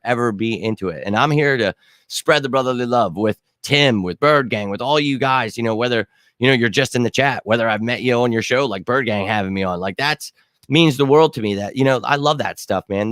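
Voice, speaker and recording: A man's voice: medium pitch, fairly bright tone, dry recording. A man hosting a casual sports talk livestream, ranting in an exasperated tone and talking to his chat. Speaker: host of a sports talk show.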